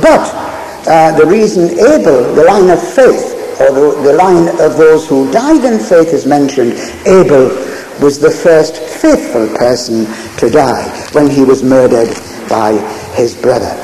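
A man delivers a Bible teaching sermon with a high, animated voice that rises and falls widely. He speaks slowly and deliberately, returning again and again to the same key phrase. The recording carries the echo of a roomy hall with faint ambience behind him. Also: slight background noise. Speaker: preacher.

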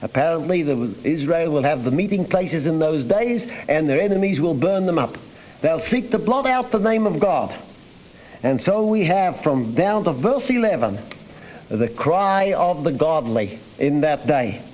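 A man preaches a psalm in an earnest, emphatic way, his voice rising and dropping as he stresses words. His voice sits a touch high for a man. It sounds like an old radio broadcast. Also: lively intonation, measured pace, a little mellow, low-quality recording. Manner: earnest, rising and falling emphasis, reads scripture aloud. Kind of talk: sermon on a psalm.

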